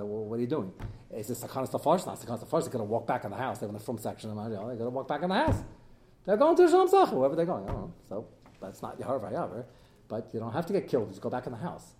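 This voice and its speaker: A man teaching a Talmud class as a rabbi, animated and joking, his voice jumping up and down as he mixes in Hebrew study terms. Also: slight background noise. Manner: animated, swings in pitch and loudness. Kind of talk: lively Talmud lecture with jokes.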